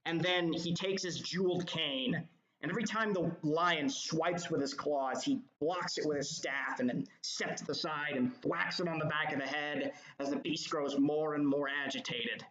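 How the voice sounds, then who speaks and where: A man's voice: a little high, normal speed, fairly bright tone. A man running a tabletop game as game master, narrating descriptively with frequent ums, in an echoey, dull lo-fi recording. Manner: rambling descriptive narration with fillers.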